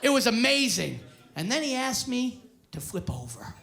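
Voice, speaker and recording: Loud profane male stand-up comic. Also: very high voice, very animated, normal speed, gravelly, very noisy. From Canada. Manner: profane, loud, crowd-baiting delivery. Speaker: stand-up comedian. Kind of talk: stand-up comedy set. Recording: live club set with loud crowd laughter.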